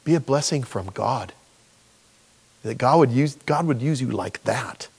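Animated storytelling male pastor. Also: medium pitch, measured pace, husky. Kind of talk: sermon with personal storytelling.

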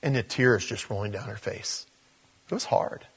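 A man preaching a sermon, telling a story that jumps between hushed asides and loud, emphatic high points. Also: normal speed, vocal fry, breathy edge. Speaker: pastor.

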